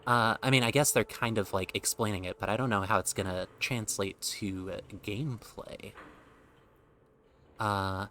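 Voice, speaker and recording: A man's voice: on the low side, fairly even intonation, moderate pace, a bit bright, slight background noise. A young man streaming a game, chatty and self-mocking, with casual commentary.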